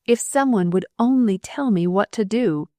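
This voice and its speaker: A woman voicing an impulsive, emotional young nurse in an audiobook, talking in high, overwrought bursts. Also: moderate pace, darkish tone, no echo, close to an everyday voice. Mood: helpless pleading. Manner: overwrought, swinging between wailing and shrieking.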